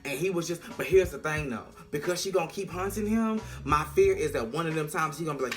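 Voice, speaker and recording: Sassy, animated woman recapping a show. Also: deep voice, fast talker, few pauses. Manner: sassy, slang-heavy, animated storytelling. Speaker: TV episode reviewer. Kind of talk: casual recap vlog.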